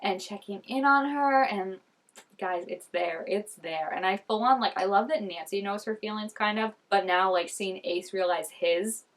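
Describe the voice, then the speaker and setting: Speaking at normal speed in a medium-pitched voice, a young TV reaction vlogger comments casually on an episode. She's chatty and gushing, laughing frequently and peppering her talk with "like."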